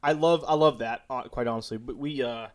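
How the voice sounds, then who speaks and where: A man's voice: medium pitch, a little fast. A man in his thirties, a father, chatting casually as a podcast co-host and laughing often. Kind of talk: casual chat.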